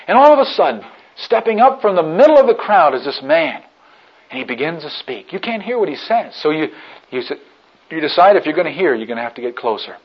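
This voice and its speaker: Male preacher with a slightly high voice, retelling a scene with hushed lows and loud peaks, on a dull old recording. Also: sing-song, brisk, husky. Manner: dramatic storytelling, swings from hushed to shouting. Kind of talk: sermon.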